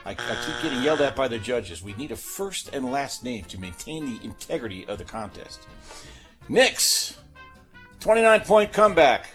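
A man's voice: mid-range voice, animated, a little fast, few pauses, soft background music. A man hosting a sports talk show, running a guessing game with chatty, filler-heavy speech. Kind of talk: casual sports radio chat.

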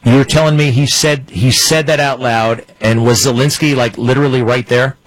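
A man's voice: medium pitch, steady tone, moderate pace, no echo, poor audio. A man hosting an interview, asking eager questions and reacting with interest. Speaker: interview host.

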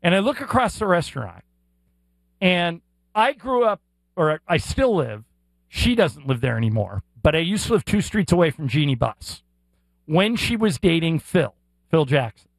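A middle-aged man co-hosting a sports radio show, telling a story in an animated way and acting out the voices. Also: fairly high pitch, normal speed, gravelly, no echo, poor audio. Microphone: studio mic.

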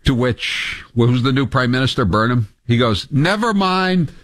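A male talk radio host delivering animated, sarcastic commentary and taking calls. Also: mid-range voice, no echo, clean studio sound. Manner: animated, sarcastic, quick to rant.

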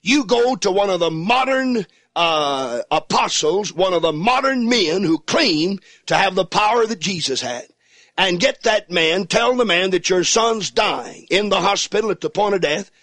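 A man preaches a fervent studio sermon, repeating phrases and rising to shouts. His voice sits high and swings widely in pitch, and he takes his words at an unhurried pace. The sound is dry and close. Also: lively intonation, no echo. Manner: fervent, repetitive, building to shouts. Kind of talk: radio sermon.

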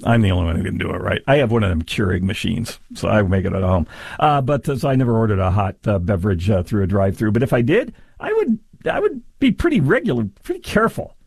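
A man's voice: sits low, fast, creaky, darkish tone, breathy edge, dry recording, studio quality. A man hosting a sarcastic commentary on a news story, mocking and exaggerated in delivery. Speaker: commentary host.

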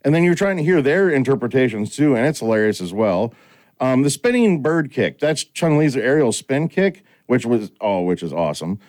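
A middle-aged man of medium pitch and moderate pace hosts a laid-back podcast chat. Animated in his storytelling, he dramatizes the quoted dialogue.

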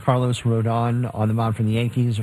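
A man's voice: mid-range voice, completely flat delivery, fairly quick, dark tone, low-quality recording. A man co-hosting a sports radio segment, steadily reading games and betting odds. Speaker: co-host reading betting lines. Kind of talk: casual sports betting chat.

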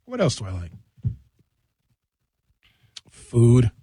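Animated male radio host, dry studio sound. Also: medium pitch, drawn-out words, slightly rough, no echo. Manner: animated, rambling comic riffs. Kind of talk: casual radio chat.

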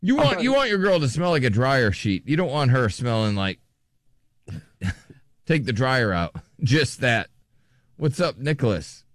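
A man's voice: mid-range voice, very animated, unhurried, pauses often, no room sound. Radio host guy, teasing callers, laughs a lot, dry close sound. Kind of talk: casual call-in banter.

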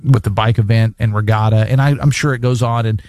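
A man's voice: fairly low pitch, steady tone, a little fast, darkish tone, no room sound. A man hosting a casual talk radio show, chatting and reading listener texts in a studio. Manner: chatty, conversational, laughs easily. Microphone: studio microphone.

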